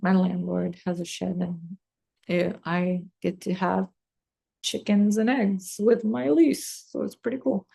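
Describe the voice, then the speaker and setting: A woman's voice: on the low side, steady tone, takes it slowly, vocal fry, warm tone, slightly rough. A woman who owns a beauty business, talking to camera from her office in an emphatic, ranty way with lots of "like.". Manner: ranty and emphatic, heavy use of "like". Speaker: beauty business owner and host. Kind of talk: casual talk to camera.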